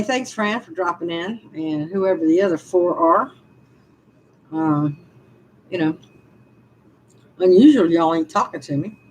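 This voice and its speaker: A woman's voice: lowish voice, a little hiss or hum, poor audio. A woman in her sixties, venting on a live stream. She sighs often and talks to her chat about her frustration. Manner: frustrated, sighing, speaks to chat.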